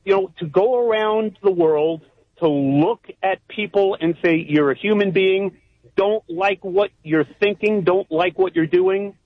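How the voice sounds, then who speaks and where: Brief: male first-time caller, high voice, muffled dry phone audio, calm advice. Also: unhurried, dry recording. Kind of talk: call-in talk.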